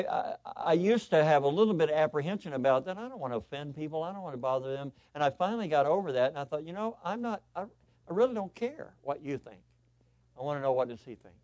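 A male pastor preaching a sermon, telling personal stories in an animated, excitable way with lots of repetition. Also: medium pitch, no echo.

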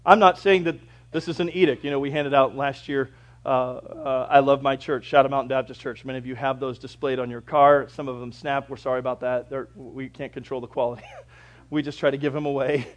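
A man preaching a sermon as pastor, emphatic, with dramatic swings between loud and soft. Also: medium pitch, steady tone, fairly quick.

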